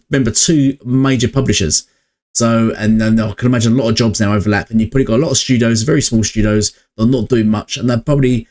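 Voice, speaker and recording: A man's voice: medium pitch, a little mellow. Man, gaming vlogger, mid-range voice, rambling, hesitant, filler-heavy casual chat, budget home mic. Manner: rambling and hesitant, many fillers, chuckles between points. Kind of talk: casual opinion vlog.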